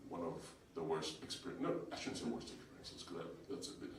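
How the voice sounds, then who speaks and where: On a comedy club stage before a live audience, a man from Uganda does stand-up with crowd work, speaking fairly quickly in a low voice. He tells animated stories, performs the voices he quotes, and banters with the crowd, captured in a roomy, distant recording full of audience noise.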